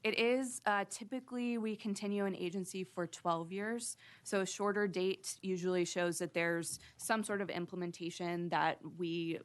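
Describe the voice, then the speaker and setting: A woman, a sunset commission staffer, giving measured, explanatory testimony at a committee hearing. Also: on the low side, fairly even intonation.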